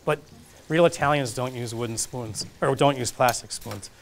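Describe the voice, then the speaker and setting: A man's voice: mid-range voice, normal speed, vocal fry, a little hiss or hum. A man demonstrating a recipe in a casual, jokey cooking class, talking through each step as he cooks. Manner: chatty, jokey, self-deprecating, talks while cooking. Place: community kitchen classroom.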